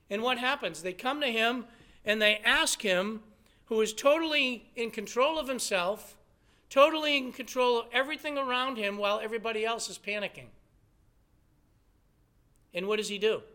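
A man's voice: sits high, bright, forceful tone. A man preaching a sermon, emphatic and full of rhetorical questions. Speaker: pastor.

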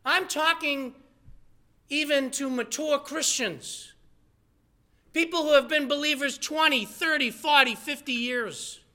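A man's voice: very high voice, a little slow, bright, forceful tone. A man preaching a sermon as pastor, earnest and conversational, probing his listeners with rhetorical questions.

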